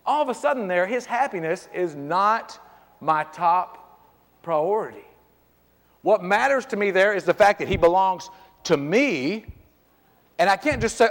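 A man's voice: high voice, lively intonation, measured pace, long pauses. A middle-aged man preaching a sermon as pastor, in a conversational style with frequent restarts and repeated words. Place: church sanctuary. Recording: church hall with long reverb.

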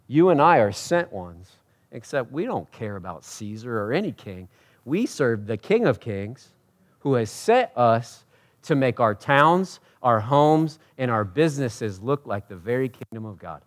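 A pastor delivering a sermon, rising to loud emphatic peaks and dropping to quiet, personal asides, talking conversationally and asking the congregation questions. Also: male voice, sing-song, normal speed. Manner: swings from loud preaching peaks to quiet intimate lows; conversational, self-correcting, asks the crowd.

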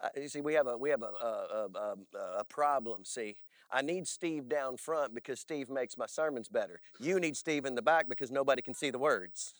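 A male pastor preaching a sermon, telling stories in an animated way and often checking in with "all right?". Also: mid-range voice, moderate pace, few pauses, no echo, studio quality. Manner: animated storytelling with frequent "all right?" asides.

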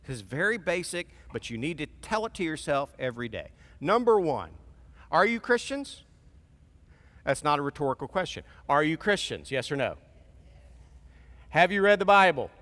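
Lively conversational man preaching in a hall. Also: on the high side, moderate pace. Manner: animated, conversational preaching with acted-out voices. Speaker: pastor. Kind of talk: sermon. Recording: long reverb of a large hall.

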